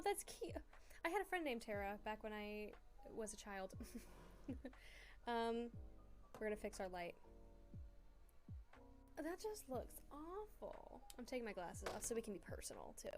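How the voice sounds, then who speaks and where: A woman streamer chatting casually from a small room at home, giggly and rambling, with many fillers. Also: medium pitch. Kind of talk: casual livestream chat.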